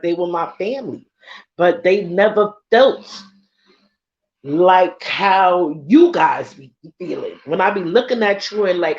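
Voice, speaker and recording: A woman's voice: on the low side, darkish tone. A woman in a casual, heartfelt talk to her followers as a spiritual vlogger. She is emotional and effusive, laughs often, and swears casually. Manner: laughs often, with a loose conversational rhythm. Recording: slightly dull lo-fi recording.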